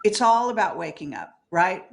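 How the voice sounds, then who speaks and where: A woman's voice: mid-range voice, animated, normal speed, creaky. Older woman interview guest, emphatic, profane, laughs easily. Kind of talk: candid spiritual interview talk.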